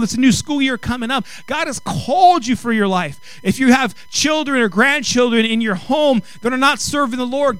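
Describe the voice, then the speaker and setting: High, bright-voiced man preaching. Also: clear, resonant tone, dry recording, poor audio. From Mexican heritage. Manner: animated, acts out quoted dialogue, rising to exclaim. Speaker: pastor. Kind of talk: sermon with comic storytelling.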